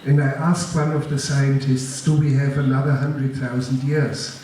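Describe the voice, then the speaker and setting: A man with a German accent giving a master class, telling his story in a slow, deliberate, grave way and answering audience questions. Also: mid-range voice, level tone, mellow. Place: large lecture hall. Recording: echoey hall, distant mic, faint noise.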